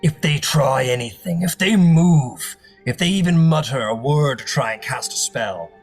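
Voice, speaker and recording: A man voicing a huge, suspicious male cloud giant lord who speaks slowly and threatens. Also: fairly high pitch, lively intonation, gravelly, soft background music, pitched above the performer's own voice. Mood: menacing. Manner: slow, commanding and threatening.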